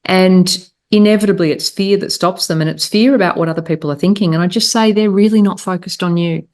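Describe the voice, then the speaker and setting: Low-voiced woman podcast host. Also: steady tone, brisk, darkish tone. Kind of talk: conversational interview.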